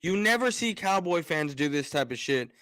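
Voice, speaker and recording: Fired-up high-voiced man ranting. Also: expressive, normal speed, fairly bright tone, no room sound. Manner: fired-up, repeats words, restarts often. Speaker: sports talk streamer. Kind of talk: casual live-stream rant.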